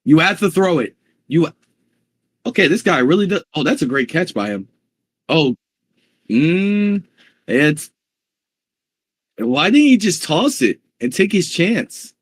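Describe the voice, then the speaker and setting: A man calling a football game live, his voice lifting and swinging with every play. He reacts loudly and quickly, fairly high for a man, in a dry, close recording. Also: breathy edge, no echo. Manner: excitable, reacting loudly to plays. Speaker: game commentator.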